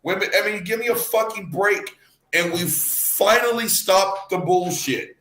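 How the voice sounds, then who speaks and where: A Cajun man in his fifties rants in a loose, profane chat, often stammering over repeated words. His voice sits a bit high and sounds bright and forceful. The room around him is echoey. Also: a little slow. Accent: Louisiana Cajun. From Louisiana. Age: 50s. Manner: profane, heated, repeats words, swings between laughing and shouting. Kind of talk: casual chat, ranting commentary.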